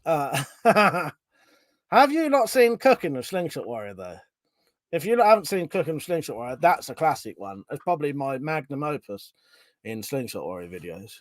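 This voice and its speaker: Male streamer, casual and sweary, frequent laughter, slightly high pitch, close dry sound. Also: big pitch swings, normal speed, dry recording. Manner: laughs often, swears freely, chatty. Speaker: livestream host. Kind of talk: casual chat, reading viewer comments aloud.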